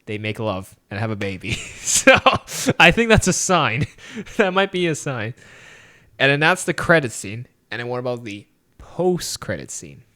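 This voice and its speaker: A man co-hosting a casual podcast chat about a movie. He retells scenes with animated energy, jumping up in pitch to act out characters' lines and laughing often. His voice sits at an ordinary middle pitch. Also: a little slow. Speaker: podcast co-host.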